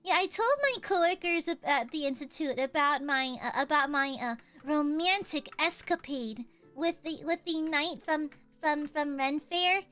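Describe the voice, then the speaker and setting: A woman streamer chats casually while gaming, her voice sitting high, unhurried, and a bit bright over faint background music. She's playful and boastful, swearing freely and laughing often.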